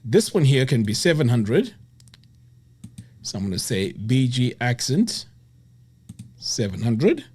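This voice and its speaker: This web design tutorial is screen-recorded by a man who narrates the steps with excitement, calling out "boom" and "look at that." He's very animated yet slow, leaving long pauses, and his voice is darkish and slightly rough.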